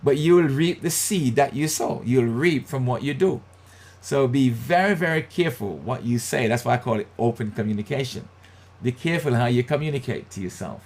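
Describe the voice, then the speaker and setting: Husky-voiced pastor teaching emphatically. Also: male voice, medium pitch, expressive, fairly quick, darkish tone. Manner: emphatic, repeats key phrases. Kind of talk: motivational Bible teaching.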